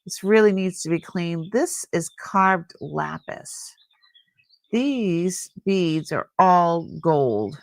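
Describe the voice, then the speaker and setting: A woman's voice: on the low side, gravelly, no room sound. A middle-aged woman hosting a live jewelry sale, chatting casually and admiring each piece as she rambles. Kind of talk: casual live-stream selling chat.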